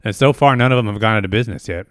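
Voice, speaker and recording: Casual podcast co-host, male, bright forceful tone, dry close sound, rambling delivery. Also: on the low side, racing, no echo. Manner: rambling storyteller with many fillers. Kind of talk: casual chat. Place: New York City studio.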